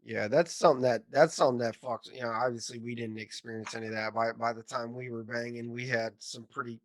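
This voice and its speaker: A man co-hosting a podcast, speaking in a halting way, repeating himself and swearing. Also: mid-range voice, fairly even intonation, slight background noise. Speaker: podcast co-host, veteran. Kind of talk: casual conversation.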